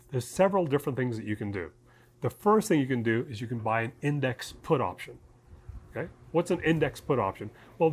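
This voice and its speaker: A man who co-founded a trading education service, explaining an idea in a casual, chatty way, often checking in with "okay?" and "right?". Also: mid-range voice. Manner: uses homely examples and jokes. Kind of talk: casual explainer talk to camera.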